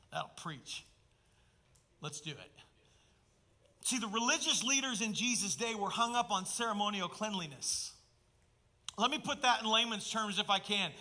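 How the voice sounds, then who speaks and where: A man delivering a sermon to his congregation. His voice sits fairly high and rings bright and forceful. He swings from emphatic, loud bursts down to hushed, intimate asides. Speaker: pastor.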